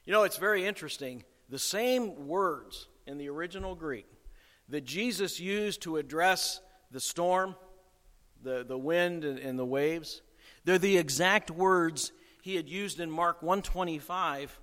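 A man's voice: fairly high pitch, measured pace, fairly bright tone, in a large hall. A man preaching a sermon as pastor, conversational and emphatic, with chuckles along the way.

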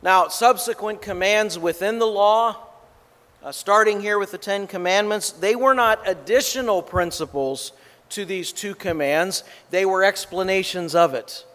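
Male preacher, sermon, slow and deliberate with stressed key words. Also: sits high, fairly bright tone, long reverb tail. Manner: measured, emphatic delivery.

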